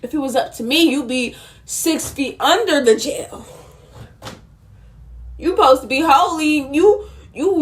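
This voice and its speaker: A woman's voice: sits high, unhurried, pauses often. A young woman telling a storytime vlog in an indignant, sassy way, with asides to her viewers. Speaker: vlogger.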